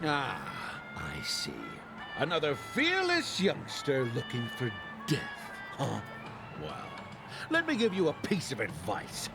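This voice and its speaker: A man's voice: medium pitch, wildly swooping pitch, slow, full character voice. A grumbling grumpy old man. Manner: grumbling, lecturing. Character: grumpy old man, jaded film critic. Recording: game audio over clear music.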